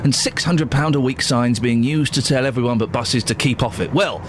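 A man's voice: mid-range voice, normal speed, slight background noise. A man presenting radio news, handing over to a reporter with a wry, chatty touch.

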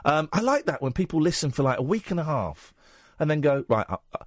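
A man hosts a late-night radio phone-in. He is blunt and jokey, shifting between loud rants and quiet asides, with a slightly high, very animated pitch. His voice sits close and dry on a studio microphone. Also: a little fast, no room sound.

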